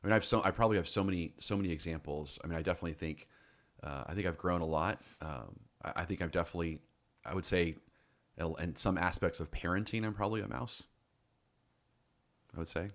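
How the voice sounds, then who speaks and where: Middle-aged male podcast host, very low voice, relaxed and halting delivery. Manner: halting, lots of restarts and fillers. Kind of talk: casual chat.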